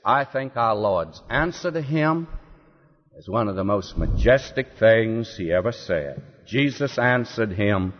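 Slow, animated preacher in a hall. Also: male voice, fairly low pitch. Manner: dramatic, acts out the quoted lines; rhetorical questions to listeners. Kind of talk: expository sermon. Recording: dull lo-fi hall recording.

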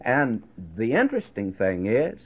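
Folksy radio preacher with a tinny sound. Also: male voice, medium pitch, wildly swooping pitch, unhurried, slightly rough. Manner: folksy, conversational preaching with many "uh"s and "my friend". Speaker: radio Bible teacher. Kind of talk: radio sermon. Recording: tinny phone-like radio broadcast.

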